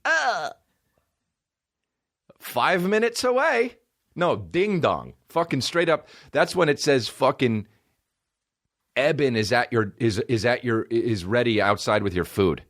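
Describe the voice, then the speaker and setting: Male podcast host in his thirties, lively comic storyteller, profane and rambling, mid pitch with very animated swings. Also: measured pace. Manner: rambling, profane, acts out quoted people in shifting voices. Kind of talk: comedic storytelling.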